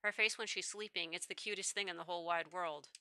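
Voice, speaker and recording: Doting male scientist dad, soft and tender, read by a woman, bright tone. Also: fairly low pitch, fairly even intonation, fast talker, smooth, no room sound, voice pushed down.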